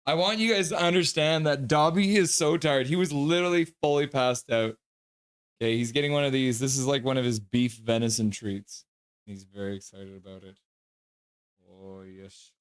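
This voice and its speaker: A man's voice: a little high, fairly quick, clean tone. Chatty man reading viewer comments aloud. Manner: chatty and teasing, thanks viewers by name. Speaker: livestream host. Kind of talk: casual live-stream chat, reading viewer comments aloud.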